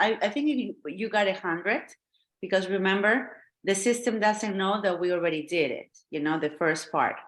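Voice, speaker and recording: A woman teaching an online English class, encouraging her students and checking in with them often. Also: medium pitch.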